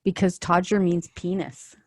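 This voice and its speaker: A woman's voice: fairly low pitch, steady tone, moderate pace, no echo, studio quality. A woman co-hosting a podcast in casual chat, blunt and joking, laughing often. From Canada. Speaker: podcast co-host.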